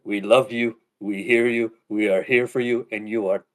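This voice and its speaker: A fond, theatrical sylvan showers his friends with endearments, voiced by a man. The voice sits low, from a tabletop game. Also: fairly even intonation, moderate pace, natural voice. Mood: doting. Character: doting older male sylvan, fond and theatrical.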